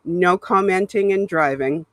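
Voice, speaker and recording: A woman's voice: on the low side, measured pace, no echo. A woman from Canada hosting a casual live stream from a home setup, chatting and laughing often as she greets viewers by name. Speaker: livestream host. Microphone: laptop webcam mic.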